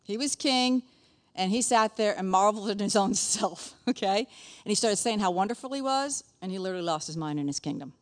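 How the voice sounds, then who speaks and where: A woman's voice: medium pitch, fast. A middle-aged woman teaching a conversational Bible lesson in a chatty way, often checking in with her listeners.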